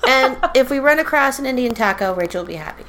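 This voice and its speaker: Brief: woman co-host, slightly high voice, wry teasing quips, faint room hum. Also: animated, fast talker. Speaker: travel podcast co-host. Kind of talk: casual chat. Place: room in a historic inn.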